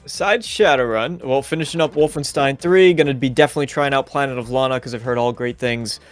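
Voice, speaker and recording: A man's voice: medium pitch, fast talker, soft background music. A man guesting on a gaming podcast, chatting casually in an easygoing, enthusiastic way. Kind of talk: casual chat.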